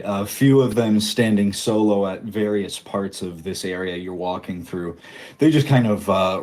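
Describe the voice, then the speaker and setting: A man who is the game master, casual and halting, with a lowish voice. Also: darkish tone. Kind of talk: narrating a tabletop game.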